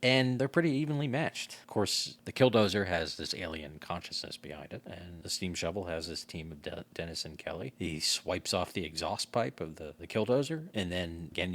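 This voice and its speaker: A man's voice: low voice, a bit bright. A man co-hosting a casual podcast, retelling a movie's plot step by step with fillers and restarts. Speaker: podcast co-host. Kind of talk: casual movie recap chat.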